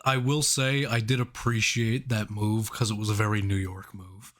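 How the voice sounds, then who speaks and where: A man co-hosting a casual movie review podcast, laughing often and restarting his sentences as he thinks out loud. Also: on the low side, level tone, normal speed. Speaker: podcast co-host.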